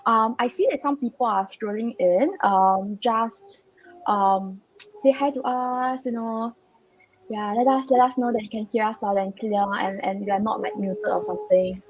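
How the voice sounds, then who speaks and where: A slightly groggy woman co-hosts a live stock-market stream, chatting casually with lots of fillers and ending her sentences with "right?". Her voice is on the high side at a moderate pace, and the recording's highs are cut off.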